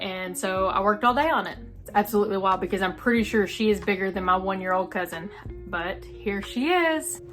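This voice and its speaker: A young woman chatting casually in a home vlog, excitable and gushing as she talks. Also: medium pitch. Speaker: crochet vlogger.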